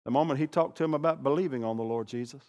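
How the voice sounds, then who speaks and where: An older man preaching a sermon, animated, swinging from loud bursts to hushed asides. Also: mid-range voice, racing, noisy background. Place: church sanctuary. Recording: long reverb of a large hall.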